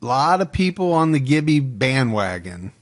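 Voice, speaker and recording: A man's voice: mid-range voice, very animated, normal speed. A man co-hosting a podcast in casual, joking banter. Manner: joking, teasing, laughs often. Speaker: podcast co-host. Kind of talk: casual chat.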